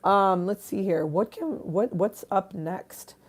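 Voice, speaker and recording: A woman's voice: medium pitch, slow. A woman chatting casually on a live stream, irreverent and self-mocking, swearing freely while she eats and drinks.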